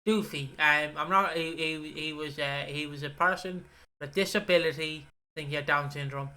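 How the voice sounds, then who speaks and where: Bright, rambling male podcast co-host. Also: on the high side, steady tone. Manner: rambling, halting, sweary. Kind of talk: casual chat.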